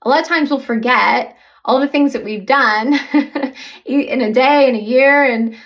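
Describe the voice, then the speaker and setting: A woman's voice: high-pitched, unhurried, fairly bright tone. A woman hosting a podcast as a relationship coach, talking casually and conversationally, laughing easily and acting out sample dialogues.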